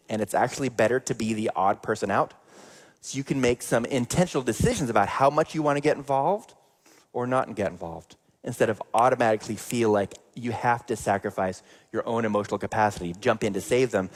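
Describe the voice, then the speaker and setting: A man's voice: on the low side, brisk. A man preaching a sermon in a conversational way, acting out everyday examples. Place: church sanctuary. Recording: long church reverb.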